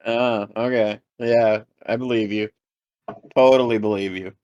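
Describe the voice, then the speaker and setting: A man's voice: on the low side, steady tone, measured pace, a little mellow, lo-fi sound, a little hiss or hum, close to an everyday voice. A man voicing a teasing male gnome adventurer in a tabletop game, with a dry, mocking delivery.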